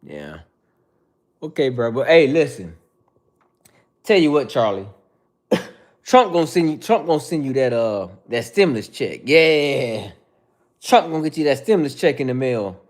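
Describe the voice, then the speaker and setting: A man's voice: mid-range voice, big pitch swings, normal speed, pauses often. A man hosting a casual livestream, answering viewer chat in a mocking, profane, confrontational way.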